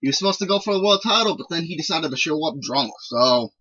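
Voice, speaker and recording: A man's voice: on the high side, animated, fast talker, bright, forceful tone, dry recording, muffled recording. A man giving casual, rambling commentary while playing a wrestling management game. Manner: chatty, rambling recaps. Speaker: video game let's player.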